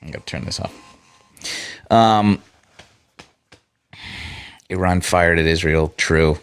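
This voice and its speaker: A man's voice: sits low, takes it slowly, clean tone. A man hosting a casual livestream, chatting with viewers in a sarcastic, profane way. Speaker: livestream host.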